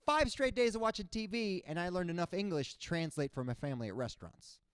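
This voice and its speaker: Animated comedian guy from cuba, bit high voice, dry close sound. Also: fast talker, smooth, dry recording. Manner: animated, jumps into high-pitched character voices. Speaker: stand-up comedian. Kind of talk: stand-up comedy set.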